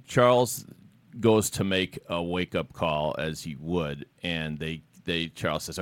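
A man with a very deep voice hosts a casual talk show. He tells long, rambling stories full of restarts and laughs. The sound is dry and close, with no room echo. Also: moderate pace. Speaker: podcast host. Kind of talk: casual chat, storytelling.

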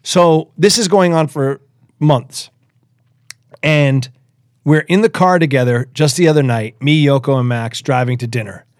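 Podcast host guy in his 40s, slightly higher voice, dry close sound, acts out quotes as he tells stories. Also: a little slow, no room sound. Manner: animated, acts out quotes, repeats words. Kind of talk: casual storytelling chat.

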